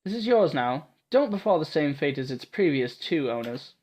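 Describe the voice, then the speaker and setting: A hard-edged swordswoman talks down to her companion, clipped and bossy, with a Scottish accent, put on by a man reading a visual novel. She gives orders without softening them. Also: a little high, big pitch swings, normal speed. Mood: curt. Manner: brusque, commanding. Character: gruff tough woman swordswoman, blunt and bossy.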